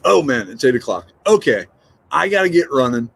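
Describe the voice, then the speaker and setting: A middle-aged man hosts a casual morning livestream, joking and reading viewer notes aloud. His voice swings widely in pitch as he rambles along. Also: very animated, fairly quick, vocal fry, slightly rough. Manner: chatty, joking, reads out viewer comments. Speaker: livestream host.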